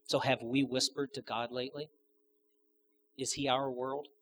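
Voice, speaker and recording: A man's voice: mid-range voice, little pitch movement, unhurried, fairly bright tone. A man preaching a sermon to his congregation, conversational, asking the audience questions and adding joking asides. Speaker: pastor.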